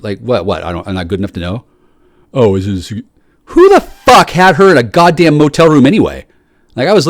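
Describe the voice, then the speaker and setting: A man in a rambling, profane monologue that swings from shouting to low muttering, often repeating and restarting his words. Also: no room sound, clean studio sound. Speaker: solo speaker.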